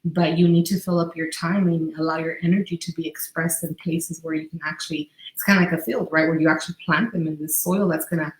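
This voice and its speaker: Co-hosting a casual spiritual podcast, a woman with a low-sitting voice talks fast, hardly pausing. She tells stories with animation, acting out the voices she quotes, in an echoey room.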